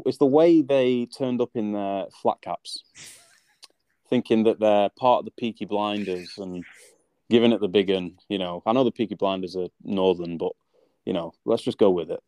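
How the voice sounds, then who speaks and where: A man's voice: fairly low pitch, dark tone, no echo. A man co-hosting a casual chat, telling a grumbling story with lots of restarts. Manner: rambling, stammers, grumbling. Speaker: podcast co-host.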